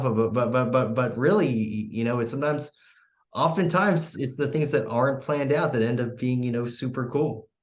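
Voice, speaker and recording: A young man hosting a student radio interview, often stammering and restarting with lots of "you know". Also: medium pitch. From United States. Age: young adult. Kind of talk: casual interview.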